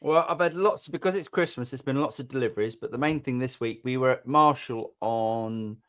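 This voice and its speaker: A man's voice: medium pitch, a little fast, a bit bright. A British man co-hosting a live chat show, chatty and rambling, with restarts. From Britain. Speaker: co-host. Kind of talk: casual live-stream chat.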